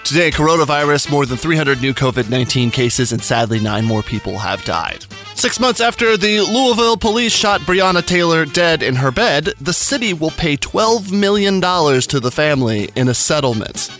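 A man's voice: fairly high pitch, expressive, moderate pace, a bit bright, soft background music. A man hosting a morning radio show, talking in an emotional, rambling way with sighs. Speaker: radio host. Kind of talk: casual morning radio chat.

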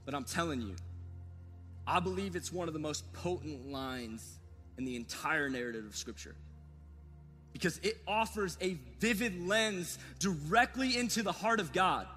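A man's voice: on the high side, animated, normal speed, bright, forceful tone. A man preaching a sermon as pastor, earnest and repetitive, speaking straight to his listeners. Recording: long hall reverb with faint music.

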